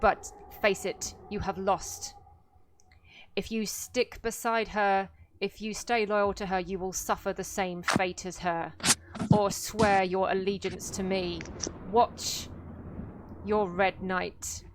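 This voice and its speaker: A woman doing a gruff tyrant warlord. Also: medium pitch, flat delivery, slow pace, slight background noise, lightly acted. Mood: menacing. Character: gruff male tyrant conqueror, menacing and arrogant.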